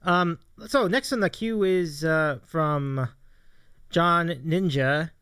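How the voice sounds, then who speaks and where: A man's voice: fairly high pitch, fairly bright tone, clean tone, dry recording, clean studio sound. A man hosting a casual live-streamed chat show, eagerly agreeing with his guest and reading out viewer questions. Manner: eager, quick to agree, keeps saying yeah.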